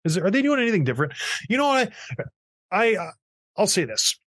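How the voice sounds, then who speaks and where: A man in his thirties with a fairly high voice talks hockey in a loose, casual way. He rants with feeling and acts out the voices of the people in his stories. The sound is dry and close. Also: quick pace, slightly rough, no echo. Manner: animated, ranting storyteller who acts out quotes. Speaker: podcast host, former hockey player.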